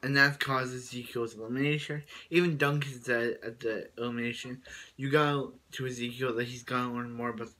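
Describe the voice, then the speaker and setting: A man's voice: medium pitch, steady tone, brisk, sharp tone. A man casually recapping a cartoon episode in a rambling way, full of fillers and restarts. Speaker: show reviewer.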